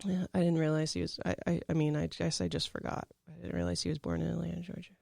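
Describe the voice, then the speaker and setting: A man's voice: fairly high pitch, level tone, fast, gravelly, a little mellow, dry recording, clean studio sound. A young man in his twenties, co-hosting a casual chat, reading facts aloud with many fillers and restarts.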